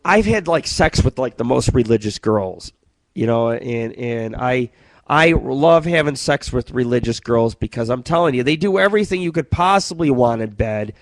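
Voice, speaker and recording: A man's voice: mid-range voice, no room sound, low-quality recording. Profane rambling male radio host. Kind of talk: rambling comedic monologue.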